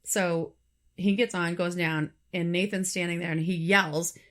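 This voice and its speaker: A woman's voice: on the low side, steady tone, measured pace. A woman co-hosting a podcast, casually telling a true story with frequent fillers and restarts. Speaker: podcast co-host.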